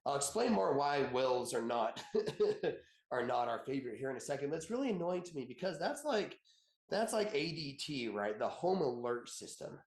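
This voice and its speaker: A man's voice: mid-range voice, very animated, normal speed, reverberant. A man in his thirties, an attorney giving a conversational webinar, chatty and joking, telling personal stories and laughing often.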